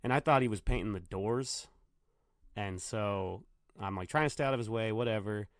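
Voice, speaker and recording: A man's voice: on the low side, normal speed, no echo, studio quality. Man telling profane stories on his podcast. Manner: profane, rambling storyteller. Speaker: podcast host, bartender. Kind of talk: casual solo podcast monologue. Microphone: computer microphone.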